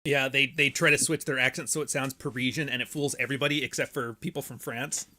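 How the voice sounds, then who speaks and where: A man's voice: medium pitch, steady tone, fast, sharp tone. A man from Canada in casual podcast chat, riffing and joking with frequent restarts.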